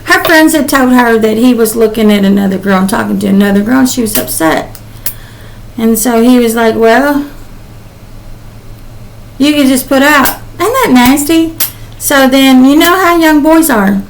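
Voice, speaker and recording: A woman's voice: a little high, normal speed, creaky, slight background noise, poor audio. An older woman, a psychic channeler, giving a casual spoken reading in a rambling, emotional way with many "um"s.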